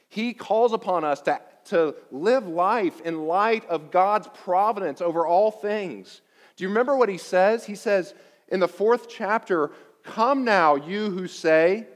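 High-pitched guy preaching slow and emphatic, echoey church hall. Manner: emphatic, deliberate preaching with repeated phrases. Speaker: pastor. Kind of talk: sermon.

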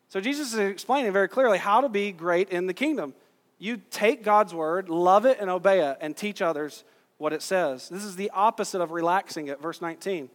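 A man with a high voice delivers a sermon from the pulpit. He talks casually with his listeners, throws out rhetorical questions, and slows down to stress his points. His words carry a long echo through the church hall. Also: fairly bright tone. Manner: conversational preaching, rhetorical questions, emphatic slowdowns. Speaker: pastor. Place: church sanctuary.

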